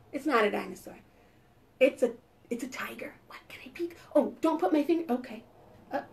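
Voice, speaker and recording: A woman's voice: high voice, creaky, a little mellow. A woman librarian leading a preschool storytime, playful and sing-song, gasping and making animal sounds for the children.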